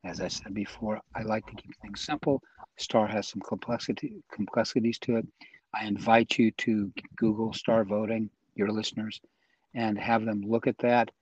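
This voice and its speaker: Husky man earnestly explaining. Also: on the low side, fairly even intonation, normal speed, dry recording, poor audio. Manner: earnest, persuasive, with restarts. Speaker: interview guest, voting reform advocate. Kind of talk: conversational explaining.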